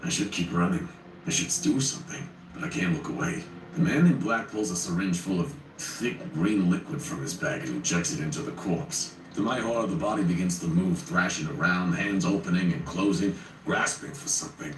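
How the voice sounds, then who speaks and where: A man with a deep but animated, bright voice tells a first-person horror story with wry asides. He sounds set back from the mic in a roomy space, with faint ambient noise. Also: moderate pace, far from the mic. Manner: wry, conversational.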